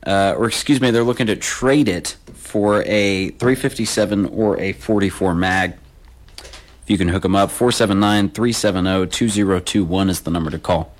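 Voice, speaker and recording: A man's voice: low voice, moderate pace. A man hosting a local call-in radio swap show, reading listings and phone numbers in a loose, casual way. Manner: casual, repeats phone numbers, slangy asides. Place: radio studio.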